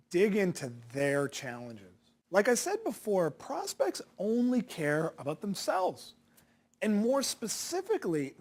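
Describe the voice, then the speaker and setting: Man coaching with a lively, swinging pitch. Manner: direct, punchy, rhetorical questions. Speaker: sales coach. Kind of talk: instructional talk to viewers.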